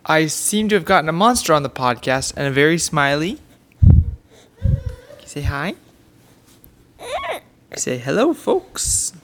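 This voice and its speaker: A woman in her thirties hosts a casual family podcast, gently quizzing and praising her young son like a teacher. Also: sits low, animated, moderate pace, pauses often. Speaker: podcast host and homeschooling mother.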